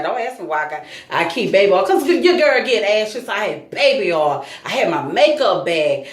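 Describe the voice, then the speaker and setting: A woman vlogger telling a true story to her viewers in a casual, animated, emphatic way. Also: medium pitch, roomy sound.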